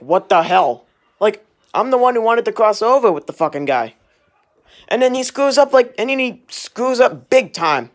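A young man ranting in a casual vlog while doing dishes in his home kitchen, angry and rambling, swearing often, recorded on a handheld camera as he walks around. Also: fairly high pitch. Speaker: vlogger. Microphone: handheld camera, walking around.

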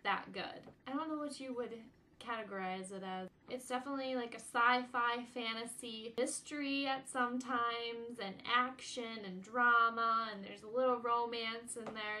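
A woman's voice: a little high, pushed and bright. A young American woman vlogging in casual chat, bubbly and rambling as she gushes to camera. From United States. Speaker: vlog channel regular.

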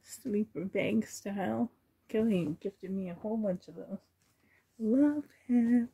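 A woman chatting to herself and her viewers while sorting doll clothes, sentimental and softly laughing. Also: mid-range voice, slow, creaky, husky. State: emotional, choked up. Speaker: reborn doll collector vlogger.

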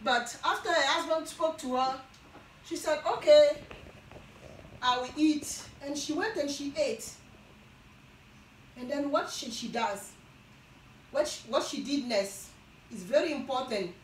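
Slow, high-voiced woman preaching in an echoey room. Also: distant mic, slight background noise. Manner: slow, emphatic, with repetitions and restarts. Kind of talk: Bible teaching sermon.

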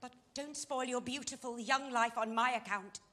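A woman's voice: a little high, normal speed, pushed and bright. An actress playing a fallen society woman who pleads urgently and with passion in a stage play scene. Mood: pleading. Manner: impassioned, pleading.

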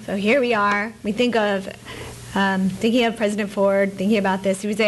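A middle-aged woman giving a public lecture as an author, with a lively, wry, digressive manner and playful asides. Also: medium pitch, fairly quick, a faint crowd. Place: presidential library auditorium.

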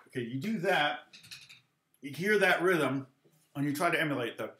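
A man's voice: on the high side, lively intonation, normal speed, pauses often, echoey room, very noisy. A middle-aged man teaching a live online guitar lesson, counting rhythms aloud and chatting to himself as he goes.

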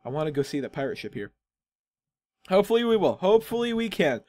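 A man's voice: on the high side, big pitch swings, a little fast, dark tone. A man hosting a gaming channel, giving casual, rambling, self-amused commentary as he plays.

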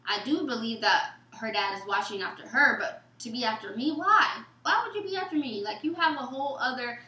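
A woman tells a story in a relaxed question-and-answer chat, slipping into the voices of the people she quotes. Her voice is bright and sits a little high. The room around her is echoey. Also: brisk. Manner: animated, acts out quoted texts and dialogue; casual, informal speech. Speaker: guest.

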